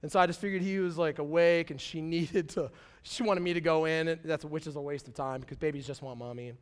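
A man's voice: a little high, fairly even intonation, fast, smooth. A man, preaching a sermon as a pastor and telling a personal story in a casual, slangy way, acting out quotes with big swings in volume.

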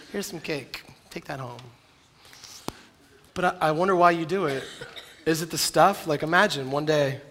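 A man preaching at a youth camp in a joking, animated way, often acting out voices. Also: medium pitch. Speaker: youth speaker.

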